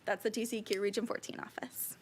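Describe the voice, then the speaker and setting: A woman's voice: mid-range voice, flat delivery, a little fast. A woman giving a casual, upbeat slide presentation at a work meeting.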